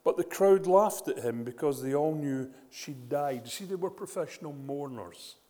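A man preaching a sermon, retelling scripture with animated storytelling and frequent rhetorical questions. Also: fairly high pitch, normal speed, big-room sound.

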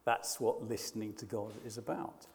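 A man's voice: fairly low pitch, little pitch movement, normal speed, darkish tone, long reverb tail, slight background noise. A man preaching a sermon, conversational and hesitant, often restarting his sentences. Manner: hesitant, frequent restarts and fillers.

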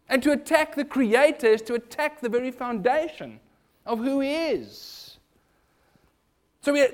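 A man with a South African accent preaching a sermon in an animated, rhetorical way. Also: very high-pitched. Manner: animated, rhetorical, mimics other voices in quotes.

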